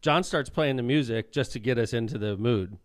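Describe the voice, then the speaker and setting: A man co-hosting a podcast, telling stories in a joking, animated casual chat. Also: mid-range voice, a little fast, no echo. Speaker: podcast co-host.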